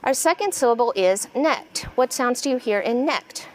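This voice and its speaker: An American woman giving a seminar lecture to teachers, speaking clearly like a classroom teacher, often checking in with "right?" and slowing down to model sounds. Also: a little high, lively intonation, a little hiss or hum, rough recording. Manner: slows and stretches words when modeling sounds. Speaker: lecturer, school literacy coordinator. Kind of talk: seminar lecture with a spelling demonstration.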